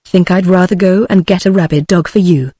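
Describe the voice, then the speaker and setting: A gruff, scornful older servant woman, read by a synthetic British woman's voice. She answers with blunt retorts, recorded dry and close. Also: on the low side, fairly quick, warm tone, dry recording. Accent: British English.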